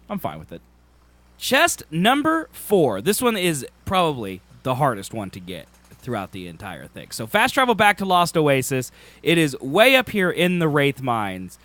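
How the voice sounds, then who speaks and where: A man's voice: medium pitch, big pitch swings, normal speed, bright, forceful tone. A man giving a casual gameplay walkthrough, with wry, sarcastic asides. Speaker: game guide host.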